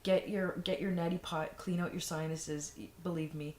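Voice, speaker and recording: A woman's voice: on the low side, fairly even intonation, moderate pace, darkish tone. A woman vlogger giving frank, rambling advice in a casual monologue, full of fillers and restarts. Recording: echoey room, faint noise.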